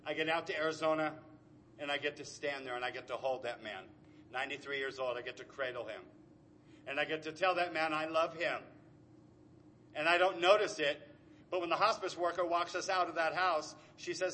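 A man's voice: a little high, fairly even intonation, brisk, pushed and bright, slight background noise. A middle-aged man giving an earnest, emotional personal recovery share. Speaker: speaker at a recovery meeting.

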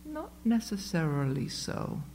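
Speaking at a medium pitch with a sing-song, unhurried delivery and a warm tone, a woman recounts her story to a live audience in a recovery meeting room. Her talk is chatty and self-mocking, packed with fillers and restarts, and there's a slight hiss or hum.

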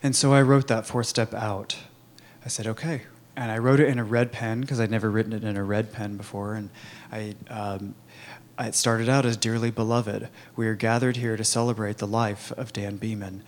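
A man telling his own recovery story in a candid, halting way, with many fillers and restarts. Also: lowish voice, flat delivery. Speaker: recovery program member sharing his story. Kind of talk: personal testimony, conversational.

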